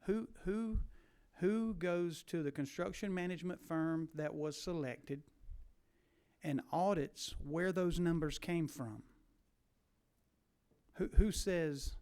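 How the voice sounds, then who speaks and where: A man's voice: on the high side, slow, darkish tone, smooth. Pressing man questioning at a hearing. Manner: pressing, repeats words when stressing. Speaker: legislator questioning witnesses.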